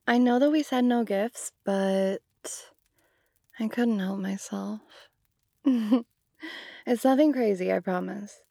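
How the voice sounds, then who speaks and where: A woman's voice: medium pitch, slow pace, creaky, long pauses, mellow, no echo, studio quality. A young woman performing an audio role-play to the listener, talking casually and giggly, with lots of "like".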